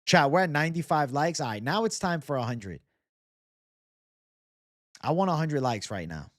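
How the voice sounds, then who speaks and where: This young man's livestream is casual: he reads comments from viewers and chats loosely, full of swearing and bro-talk. His fairly high voice is sing-song at normal speed, with clean studio sound and no echo.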